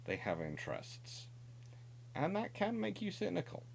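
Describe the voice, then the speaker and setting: A man's voice: high-pitched, huge pitch swings, normal speed, gravelly, a little hiss or hum. A middle-aged man presenting naval history in an unscripted, discursive explanatory monologue. He corrects himself often and adds wry asides.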